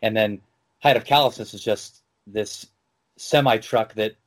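A man's voice: fairly low pitch, unhurried. A man hosting an interview, asking questions in a casual, loose way with fillers. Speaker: interviewer, host.

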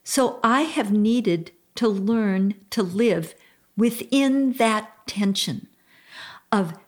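This is an older woman hosting a Christian talk program. She speaks very slowly and deliberately. Her tone is earnest and heartfelt, and she leans into each phrase as she gives counsel. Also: mid-range voice. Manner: slow-paced. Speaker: radio show host.

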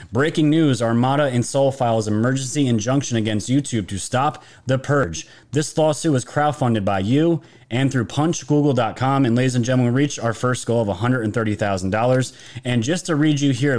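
A man's voice: mid-range voice, a little mellow. A man hosting a live commentary stream, talking casually to his viewers and rambling with frequent restarts. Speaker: political commentary channel host.

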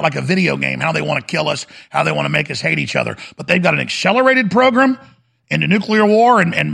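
A man's voice: high-pitched, fairly bright tone. A man hosting a talk show, delivering an urgent, fiery monologue full of repetition. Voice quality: gravelly. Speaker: radio talk host. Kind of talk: impassioned monologue.

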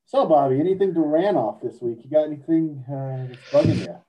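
A man's voice: on the high side, animated, a little fast, dull audio, slight background noise. A man co-hosting a casual podcast chat, reading out crude slang definitions and joking along. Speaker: podcast co-host.

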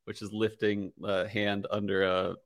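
A man's voice: on the low side, flat delivery, unhurried, dry recording, clean studio sound. A man in his thirties co-hosting a podcast, chatting casually and joking with lots of fillers. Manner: laid-back, joking, many fillers. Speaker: podcast co-host. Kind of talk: casual chat.

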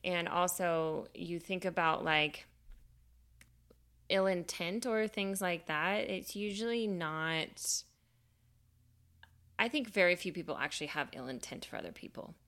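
A woman's voice: fairly low pitch, measured pace, pauses often, a bit bright. A young woman co-hosting a podcast, chattily retelling a myth with lots of fillers. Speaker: podcast co-host. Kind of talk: casual storytelling chat.

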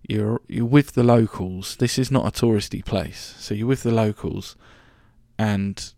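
Gravelly-voiced man telling travel stories. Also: lowish voice, unhurried, mellow, no room sound, studio quality. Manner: chatty, rambling, sweary, full of restarts. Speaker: podcast host. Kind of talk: casual storytelling monologue.

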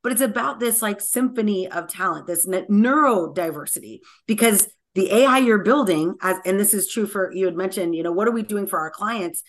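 Energetic, talkative woman guest. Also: mid-range voice, a little fast, hardly any pauses. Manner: energetic and talkative, many "like" fillers. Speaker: guest technologist. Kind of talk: conversational podcast interview.

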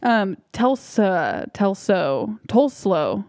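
A woman's voice: medium pitch, very animated, slow, hardly any pauses, darkish tone, dry recording, studio quality. A woman co-hosting a movie podcast, chatting casually and rambling a bit, laughing often. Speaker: podcast co-host.

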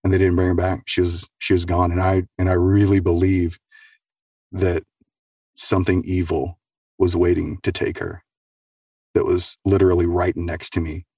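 A man's voice: low-pitched, little pitch movement, moderate pace, darkish tone, husky, no echo, studio quality, far from the mic. A man casually telling a true story in loose, profane, filler-heavy speech, often tagging on "right?" and "dude". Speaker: storyteller sharing a true experience.

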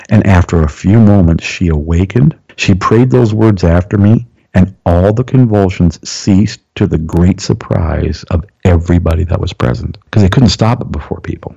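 Gravelly low-voiced man teaching, lo-fi. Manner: excitable, repeats phrases, reads quotes aloud. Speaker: Bible teacher. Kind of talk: animated teaching commentary. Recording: dull lo-fi recording.

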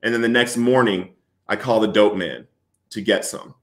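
Earnest man telling his story, echoey room. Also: fairly low pitch. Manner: earnest, halting storytelling with many restarts. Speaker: interview guest. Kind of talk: personal recovery story.

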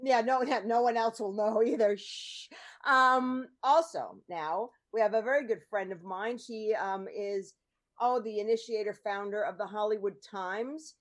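A woman who hosts and produces a podcast introduces her guests in a chatty, rambling style full of ums. Her voice is medium in pitch and she speaks at a normal speed, setting up a casual chat show.

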